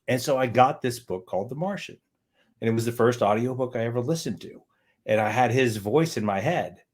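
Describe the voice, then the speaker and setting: A man's voice: mid-range voice, fairly quick, darkish tone. A man, an author, chatting casually on a livestream and often repeating words as he thinks.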